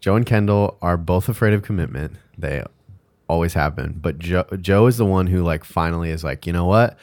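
A man with a very low, deep voice co-hosts a podcast in easygoing chat. He is playful and laughs often. The recording is close and dry, with no room sound. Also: brisk, darkish tone, dry recording. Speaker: podcast co-host. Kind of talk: casual chat.

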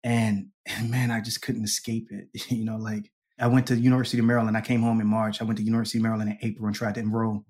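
A man as an interview guest, telling a personal story in a lively way, laughing often and acting out the people he quotes. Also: lowish voice, racing, hardly any pauses. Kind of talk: conversational storytelling.

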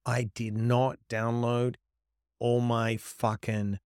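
A middle-aged man, a podcast guest, telling stories in an animated, profane way and acting out quoted lines. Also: mid-range voice, slow, smooth, no echo, clean studio sound. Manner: profane, emphatic, acts out quotes. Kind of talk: animated storytelling.

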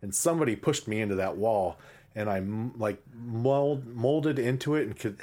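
A man's voice: mid-range voice, normal speed. A man, a guest actor on a podcast, telling a story casually with lots of fillers like "like". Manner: animated, filler-heavy storytelling.

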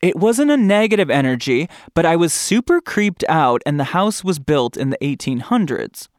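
A campy podcast host, a man with a fairly high voice that swoops up and down a lot. He talks in a chatty, playful way, in a dry, close room. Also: sing-song, moderate pace, no echo. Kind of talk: casual chat.

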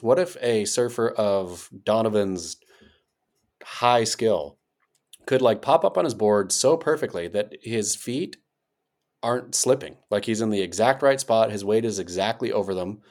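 An American man co-hosting a podcast, riffing in a playful, rambling way with sudden jumps in pitch. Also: darkish tone. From United States. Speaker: podcast co-host. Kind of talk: casual chat.

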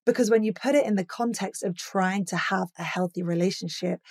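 A woman's voice: fairly low pitch, dry recording, clean studio sound. A young woman hosting a solo podcast, talking frankly and animatedly, swearing freely and acting out quoted rants. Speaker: podcast host.

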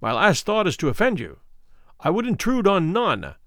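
A wealthy older doctor, hurried and falsely cordial, smooths things over as a man reading the tale puts him on. The voice is lively in pitch and sits a little high. It sounds dry and close to the mic. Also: dry recording, exaggerated voice. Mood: placating, hurried. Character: wealthy, smooth-talking older male London physician, nervously polite. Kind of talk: audiobook reading of a classic story.

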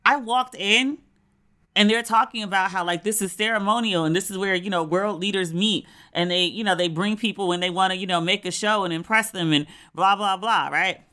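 An American voice in a casual solo travel talk, lively and candid, with a bright, forceful tone. The sound is smooth and crisp, with the occasional curse word and quick acted-out asides. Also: mid-range voice. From United States. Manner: animated and candid, swears freely, acts out what people said.

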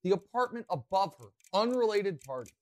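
A man hosting a podcast, telling a rambling, self-mocking story with lots of excitement. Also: high-pitched, fairly quick, slight background noise. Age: adult, past college. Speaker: podcast host. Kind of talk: animated storytelling.

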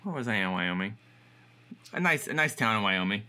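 A man's voice: lowish voice, animated, a little fast, sharp tone. A man co-hosting a podcast, telling stories in a rambling way full of fillers. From Los Angeles. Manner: rambling, filler-heavy storytelling. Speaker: podcast co-host. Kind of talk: casual chat.

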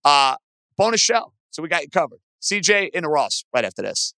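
A man hosting a sports podcast, ranting with animated opinions about teams and trades. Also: fairly quick, gravelly, dry recording. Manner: animated, aggravated rants with rising pitch. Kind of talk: opinionated sports talk monologue.

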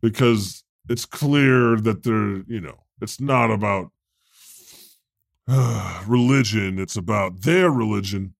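A man's voice: fairly low pitch, slow pace, creaky, no room sound, clean studio sound. A man playing a chatty irreverent God. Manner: rambling, chatty, easily amused. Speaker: host. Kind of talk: improvised comedy podcast banter.

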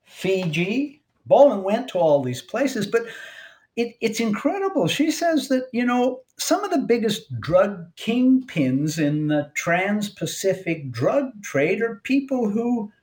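A man's voice: high-pitched, slow. A man who is a regular political columnist guest on a radio show, telling stories with wry asides. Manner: animated storyteller, wry asides. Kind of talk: radio commentary.

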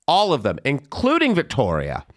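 Animated gossipy male podcast host. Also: on the high side, moderate pace. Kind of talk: casual chat.

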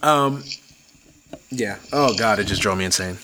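A man's voice: lowish voice, unhurried, bright, forceful tone, slight background noise. A man hosting a sports podcast, ranting casually with lots of cursing and stuttered restarts. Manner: profane, ranting, many restarts. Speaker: podcast host.

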